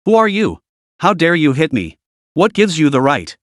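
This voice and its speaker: A desperate young woman, tearful and frantic, pleading and shrieking at her brother in a storybook recap, as a male narrator puts her on. The voice leaps about lively and sits a little high, recorded dry and close. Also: moderate pace, no echo. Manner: screaming, pleading, trembling.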